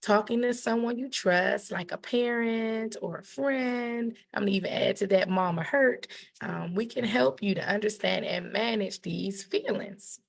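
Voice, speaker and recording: A woman teacher with a gravelly, medium-pitched voice presents a puberty book to parents and kids at a measured pace. She's animated and encouraging, acting out the quotes as she teaches.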